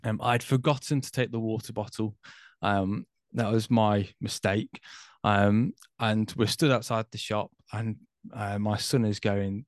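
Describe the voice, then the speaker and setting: A man's voice: on the low side, steady tone, unhurried, dry recording. Thoughtful man, dry close sound. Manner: thoughtful, hesitant, many fillers. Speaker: guest. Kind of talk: reflective conversation about faith.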